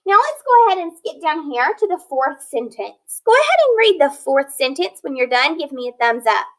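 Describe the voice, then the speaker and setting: A woman teacher leading a phonics lesson, sounding out words slowly and clearly, patient and encouraging. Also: high voice, very animated, fairly bright tone, rough recording. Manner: slow, clear modeling of words.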